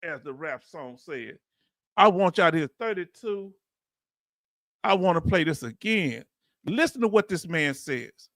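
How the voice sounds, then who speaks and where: Guy running a live commentary stream, high bright voice, slangy and fired up, dry sound. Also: measured pace, pauses often, no room sound. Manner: animated and preachy, calls on viewers; casual slangy speech. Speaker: channel host. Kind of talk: livestream commentary talking to chat.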